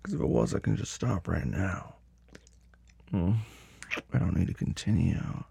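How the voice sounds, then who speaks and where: Gravelly, very husky commanding man. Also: low-pitched, unhurried, dark tone, no room sound. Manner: commanding and teasing; drops to a whisper at times. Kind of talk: dominant audio role-play.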